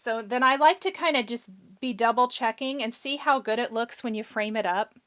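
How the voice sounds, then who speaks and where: A woman's voice: on the high side, moderate pace, fairly bright tone. A woman hosting a live card-making demonstration, chatting casually and answering viewer questions as she works. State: has the hiccups. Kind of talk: live-stream craft demonstration.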